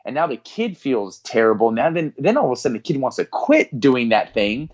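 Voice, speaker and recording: A man's voice: mid-range voice, brisk. A middle-aged man, a performance psychologist, telling stories earnestly as a podcast guest and acting out the people in them. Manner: earnest, animated storyteller who acts out quoted voices. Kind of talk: storytelling in a podcast interview. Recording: slightly dull lo-fi audio.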